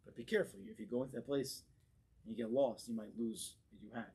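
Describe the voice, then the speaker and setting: A man, a rabbi, giving an impassioned Torah class in a congregation hall, moving between quiet asides and forceful exclamations. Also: medium pitch, lively intonation, fast, slightly rough. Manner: fervent and emphatic, swings from hushed asides to forceful exclamations.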